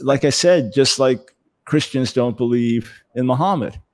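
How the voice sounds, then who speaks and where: A man speaking as an interview guest, animated, often repeating words as he builds a point. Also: mid-range voice, unhurried, no room sound. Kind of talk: conversational interview.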